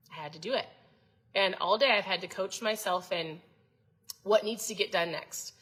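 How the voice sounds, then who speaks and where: A woman's voice: medium pitch, moderate pace, fairly bright tone, slightly rough, rough recording. A woman in her thirties hosting a casual motivational talk, chatty and coaching, often asking her viewers questions. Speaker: host.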